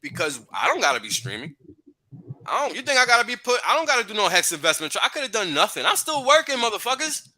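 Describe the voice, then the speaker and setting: A man's voice: sits high, big pitch swings, fast, pushed and bright, slight background noise. A man hosting a livestream, ranting profanely and heatedly with frequent laughs. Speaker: podcast host.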